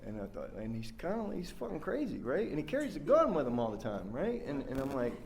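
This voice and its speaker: Man, recovery workshop speaker, rambling, candid, middle pitch, faint background noise. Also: huge pitch swings, fast, creaky, darkish tone. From West Virginia. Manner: rambling and heartfelt, fillers, swears, restarts. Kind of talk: personal recovery share.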